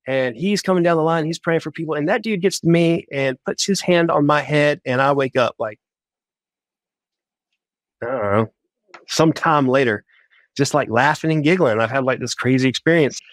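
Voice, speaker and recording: A man telling his faith testimony in a casual, animated way. He often says "like" and acts out his own thoughts as quotes. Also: fairly high pitch, no echo. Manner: animated, full of "like" and quoted inner voices. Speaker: guest sharing a faith testimony. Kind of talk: casual storytelling.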